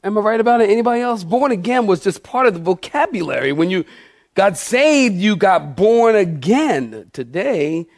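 A man's voice: high-pitched, expressive, normal speed, dry recording, clean studio sound. A middle-aged man preaching a sermon as pastor, emphatic, repeating key phrases and asking the congregation questions.

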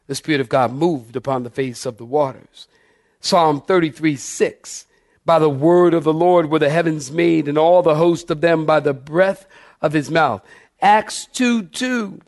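A male pastor delivering a sermon in a fairly high-pitched voice. He preaches emphatically and keeps calling on his congregation to answer him. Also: a little mellow.

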